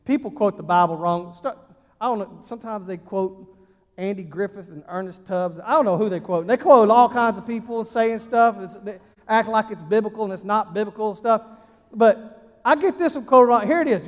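A man's voice: very high voice, normal speed. Man preaching in a hall. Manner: folksy, emphatic preaching with sudden loud and quiet swings. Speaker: pastor. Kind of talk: sermon. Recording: long hall reverb.

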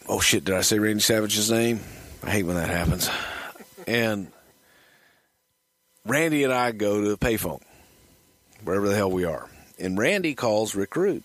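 Deep-voiced, cussing male raconteur telling a loose story, with a dry, close sound. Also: expressive, moderate pace, long pauses, a bit bright, dry recording. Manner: profane, rambling anecdote. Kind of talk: casual storytelling.

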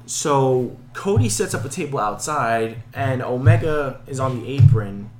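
A man's voice: medium pitch, animated, measured pace, darkish tone, slight background noise. A man co-hosting a casual wrestling chat, joking and stumbling over names as he talks. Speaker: podcast co-host.

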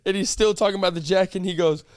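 A man's voice: sits high, very fast, no echo, studio quality. A young man, co-hosting a podcast, telling a story in casual chat, laughing often and acting out what people said. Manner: animated storyteller, laughs often, acts out quotes. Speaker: podcast co-host.

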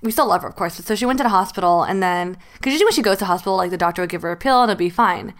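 A woman's voice: on the low side, racing. A woman in her late twenties, a podcast host, telling a painful family memory in casual chat, close to tears and full of "like" fillers. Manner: emotional, tearful storytelling with many "like" fillers.

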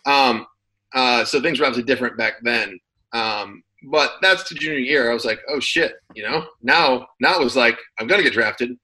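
A man in his thirties recounting his playing days in a laid-back, rambling way, full of fillers and restarts. His voice is bright and forward, sitting at a middle pitch. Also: normal speed, rough recording. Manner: relaxed storyteller, many fillers and restarts. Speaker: guest, former football player. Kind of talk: casual interview chat.

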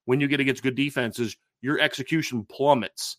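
A man's voice: medium pitch, fairly even intonation, moderate pace, fairly bright tone, no echo, clean studio sound. A man hosting a sports podcast, talking through football questions in an emphatic, repetitive way. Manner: emphatic, repeats himself and restarts. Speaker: podcast host. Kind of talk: sports talk show analysis.

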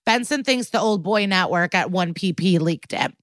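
A woman's voice: fairly low pitch, normal speed, fairly bright tone, dry recording, studio quality. A woman co-hosting a podcast, chatting casually as she retells a TV episode scene by scene and slips into quoted voices. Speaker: podcast co-host.

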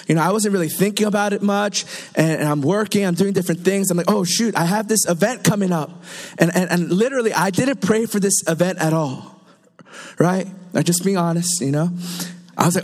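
A young man preaches to a congregation in a light, high-pitched voice. He tells his stories in a chatty, animated way, full of quick asides to the room. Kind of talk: sermon.

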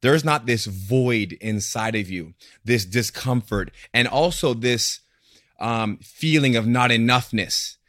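A man in casual podcast conversation, talking in an animated way and acting out the voices he quotes. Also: mid-range voice, takes it slowly, dry recording, studio quality.

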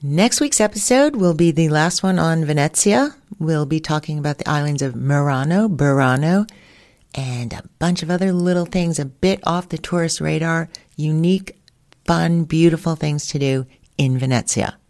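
A low-pitched woman hosting a podcast in an easy, chatty storytelling mode. She laughs often while telling her anecdotes. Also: normal speed, a little mellow. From United States. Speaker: podcast host. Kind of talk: casual storytelling monologue.

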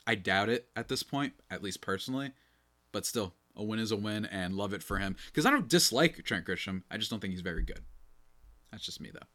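A young man hosting a casual baseball podcast, talking in a rambling, animated way and often interrupting himself. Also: lowish voice, brisk. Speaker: podcast host. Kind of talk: casual sports commentary.

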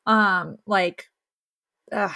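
A woman's voice: mid-range voice, steady tone, extremely slow, gravelly, bright, forceful tone, dry recording. Woman podcast cohost, chatty, laughs a lot, dry close sound. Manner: laughs easily, reads definitions aloud. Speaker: podcast co-host. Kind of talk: casual chat.

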